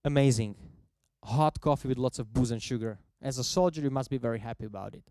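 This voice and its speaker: A man giving a festival talk on the history of coffee cocktails, telling it as a lively story in non-native English. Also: mid-range voice, fast talker, dry recording. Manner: lively storyteller who acts out quoted voices.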